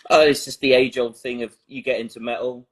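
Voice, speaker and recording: A man's voice: medium pitch, level tone, brisk, breathy edge. A man musician chatting as a podcast guest, rambling and self-mocking. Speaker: band member guest. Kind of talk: casual chat.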